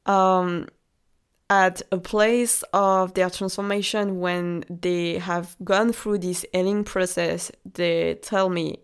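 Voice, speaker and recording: A woman's voice: lowish voice, flat delivery, slow, clear, resonant tone. A woman with a French accent, hosting a motivational podcast as a relationship coach and speaking in an encouraging way straight to the listener. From France.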